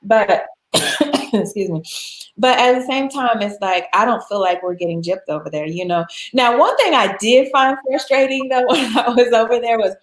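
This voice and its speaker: Lively American woman in a roomy space. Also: a little high, moderate pace. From United States. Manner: animated, laughs often, acts out quoted voices. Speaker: guest. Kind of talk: casual storytelling chat. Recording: roomy echo.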